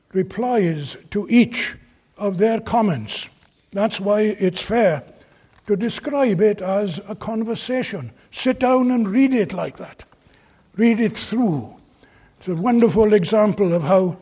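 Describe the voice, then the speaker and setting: A man's voice: high voice, a little mellow, slightly rough. A man preaching an expository sermon from a pulpit, earnest and emphatic as he explains a Bible passage. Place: church pulpit.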